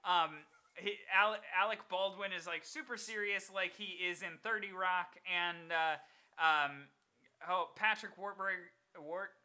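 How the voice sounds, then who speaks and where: Young male co-host, bright tone, loose rambling banter, forgets names. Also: high voice, a little slow, smooth. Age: 20s. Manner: rambling, laughs often, searches for names. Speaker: podcast co-host. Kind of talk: casual chat.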